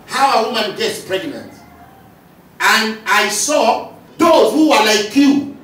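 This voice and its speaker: A man's voice: high voice, sing-song, slow, long pauses, a bit bright. A male pastor preaching a sermon, calling out lines and repeating them for the congregation to answer. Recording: echoey hall from far off, faint noise.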